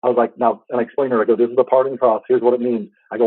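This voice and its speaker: Fast-talking earnest man on a tinny line. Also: mid-range voice, little pitch movement, husky, dry recording. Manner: fast, halting, with many restarts and fillers; earnest, heartfelt. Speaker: podcast host. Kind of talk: casual storytelling.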